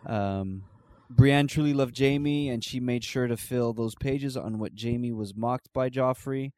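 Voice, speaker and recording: Man co-host, relaxed and hesitant, mid pitch, dry sound. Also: measured pace, dry recording. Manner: relaxed, hesitant, many fillers. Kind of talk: casual chat.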